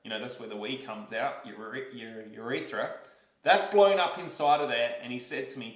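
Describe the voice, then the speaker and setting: A young Australian man vlogging, telling a story to camera in a lively, repetitive way and acting out what people said. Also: medium pitch, fairly quick. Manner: animated, repeats himself, acts out quotes and demonstrations. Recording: roomy echo.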